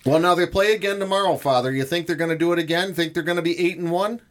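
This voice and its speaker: A man's voice: fairly high pitch, quick pace. A man teasing and joking in a casual radio chat.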